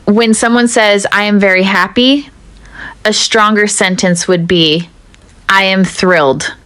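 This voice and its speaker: A woman teaching an English lesson in a measured, deliberate way, speaking straight to the viewer. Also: mid-range voice, fairly even intonation, a bit bright, smooth, dry recording. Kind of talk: scripted teaching narration.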